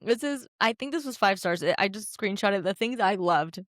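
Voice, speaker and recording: A woman co-hosting a podcast, reading reviews aloud in casual chat, animated, laughing often and swearing freely. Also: mid-range voice, normal speed, no room sound, studio quality. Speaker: podcast co-host.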